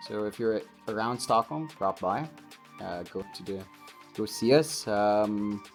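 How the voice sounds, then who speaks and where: A man's voice: fairly low pitch, a little slow, faint music behind. A man co-hosting a podcast as an esports caster, easygoing and agreeable, chipping in often in casual chat. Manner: easygoing, agreeable, backchannels a lot. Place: hotel conference room.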